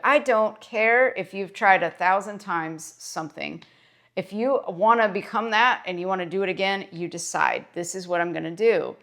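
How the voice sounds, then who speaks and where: A woman's voice: medium pitch, moderate pace, fairly bright tone. Woman, mid-range voice, self-recorded motivational vlog; emphatic, repetitive, sincere. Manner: earnest and emphatic, repeating phrases for stress. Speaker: licensed clinical social worker and mindset vlogger. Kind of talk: motivational talk to camera.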